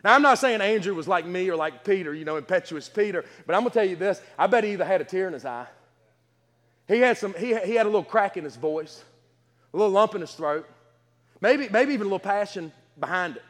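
A male preacher delivering a sermon with a strikingly high voice, folksy and emphatic, often restarting his sentences. His words echo with a long reverb through a church hall. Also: expressive, quick pace, fairly bright tone. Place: church sanctuary.

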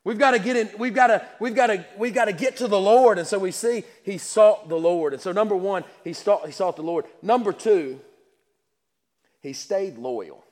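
A man's voice: high-pitched, moderate pace, darkish tone. A man preaching a sermon with passion, repeating words and restarting his sentences. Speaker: pastor. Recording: long hall reverb.

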